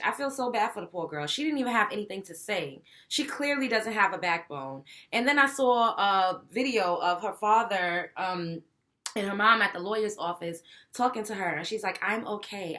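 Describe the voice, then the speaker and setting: A young woman, hosting a talk show and giving blunt, profane opinions. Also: mid-range voice. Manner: blunt, profane, animated, mimics others. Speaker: show host. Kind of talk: opinionated commentary.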